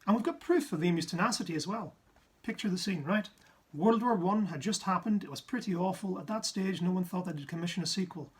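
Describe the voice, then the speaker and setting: Husky Irish-raised comic science storyteller. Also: male voice, fast talker. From Ireland. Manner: jokey, with sudden asides and pitch jumps for effect. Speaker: science comedian.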